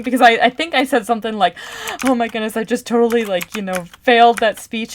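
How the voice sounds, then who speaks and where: A young adult woman telling a story over gameplay, animated and rambling with many restarts while talking straight to her viewers. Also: fairly high pitch, a little fast, a little hiss or hum. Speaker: storytelling gamer vlogger.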